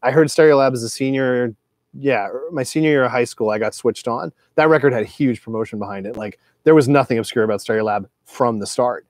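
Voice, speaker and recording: A man's voice: mid-range voice, brisk, darkish tone, dry recording, studio quality. A man in his forties who collects records, talking through his collection in a loose, digressive monologue full of swearing. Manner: profane, digressive, loose with filler words. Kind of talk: casual rambling monologue.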